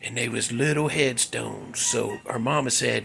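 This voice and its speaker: A man hosting his show, telling a ghost story in a drawling, folksy way that drops into hushed whispers. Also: mid-range voice, unhurried, few pauses, a little hiss or hum. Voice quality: gravelly, raspy. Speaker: show host.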